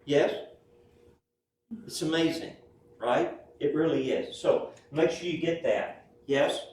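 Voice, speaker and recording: A man's voice: fairly high pitch, slow, a little mellow. A man lecturing a class in a chatty way, mixing personal anecdotes into the lesson and tagging his sentences with "right?" and "yes?". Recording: roomy, distant mic, faint room noise.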